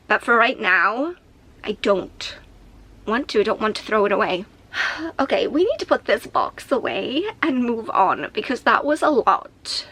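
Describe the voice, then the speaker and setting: A young woman talks straight to camera from her home attic in a candid vlog. Her voice sits a little high, and she rambles emotionally, restarting sentences as she thinks aloud. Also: animated, unhurried, bright, forceful tone, rough recording. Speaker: vlogger. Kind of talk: casual talk to camera.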